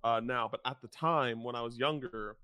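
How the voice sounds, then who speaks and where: Recorded at studio quality with no echo, a young male podcast co-host chats in a rambling way, peppering his talk with "like." His medium-pitched voice moves at a moderate pace, sharp yet clear and resonant.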